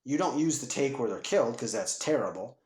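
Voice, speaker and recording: A man co-hosting a casual movie podcast, retelling scenes with lively acted-out quotes. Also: mid-range voice, a little fast. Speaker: podcast co-host. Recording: roomy echo.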